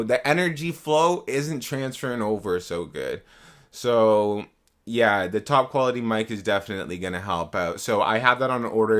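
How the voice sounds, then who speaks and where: A man's voice: fairly low pitch, a bit bright. A young man chatting casually on a live stream, swearing often and repeating himself, into a desktop mic at home. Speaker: livestreamer. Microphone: desktop USB mic.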